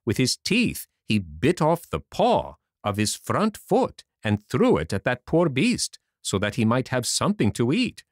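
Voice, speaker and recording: A man voicing a sly, smooth-talking fox swindler with an oily, persuasive manner, for a storybook reading. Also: medium pitch, huge pitch swings, measured pace, hardly any pauses, no room sound, clean studio sound.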